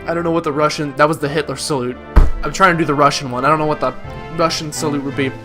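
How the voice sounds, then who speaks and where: A man's voice: fairly high pitch, steady tone, fast talker, over music. A man hosting a let's play video, reacting in a joking, bemused way. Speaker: gaming video host.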